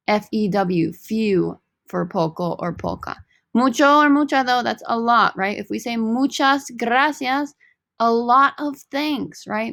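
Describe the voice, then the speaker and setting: A woman teaching a recorded Spanish lesson, upbeat and joking, repeating each word slowly. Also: fairly high pitch, gravelly, fairly bright tone, no room sound, studio quality.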